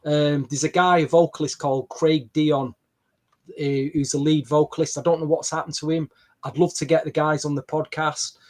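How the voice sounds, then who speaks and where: A man, hosting a podcast and telling a story in an animated, chatty way. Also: fairly high pitch, normal speed. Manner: animated storytelling with quoted dialogue. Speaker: podcast host. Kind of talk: casual podcast chat.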